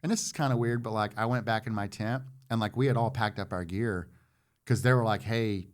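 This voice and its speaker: A man in his forties, a former Marine guest on a podcast, telling a story in a loose, animated way and acting out what others said. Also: lowish voice, fairly quick. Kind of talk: casual storytelling.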